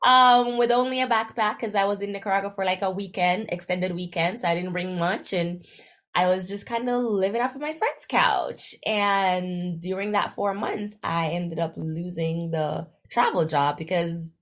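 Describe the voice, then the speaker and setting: A young woman from Jamaica, telling her story as an interview guest in a casual, animated way and acting out the dialogue she quotes. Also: normal speed. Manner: animated, acts out quoted dialogue with big jumps in pitch. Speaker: guest, travel influencer.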